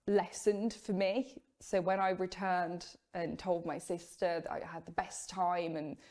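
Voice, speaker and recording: A young woman candidly recounting her own life story, measured and open, with the odd rueful laugh. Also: fairly low pitch, flat delivery, a little mellow. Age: young adult. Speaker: former Jehovah's Witness sharing her story. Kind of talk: personal testimony.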